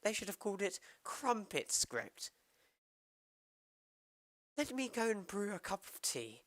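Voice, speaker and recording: A man voicing an over-the-top posh British gentleman who loves tea, in an exaggerated posh British accent. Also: very animated, unhurried, dry recording, studio quality, exaggerated voice. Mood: jokey posh. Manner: high, plummy, theatrical.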